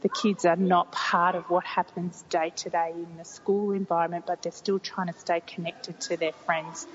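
A woman's voice: on the low side, little pitch movement, normal speed. A woman in her forties, a mother talking frankly and rambling as she corrects herself in a casual conversation. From Australia. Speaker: interviewee, mother of three. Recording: muffled, reverberant, faint hiss.

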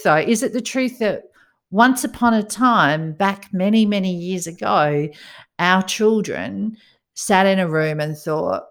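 A woman's voice: mid-range voice, a little slow. A woman from Australia co-hosting a podcast in casual chat, laughing often as she tells stories. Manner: chatty, laughs often, storytelling. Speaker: podcast co-host.

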